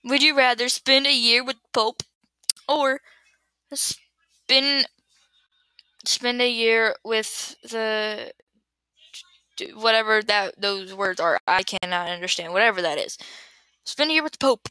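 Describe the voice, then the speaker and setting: Bright, giggly young woman rambling on webcam. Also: fairly high pitch, slow pace, pauses often, no room sound. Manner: giggly, scatterbrained, trails off and restarts. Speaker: vlogger answering would-you-rather questions. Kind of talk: casual rambling chat to camera. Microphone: built-in computer webcam mic.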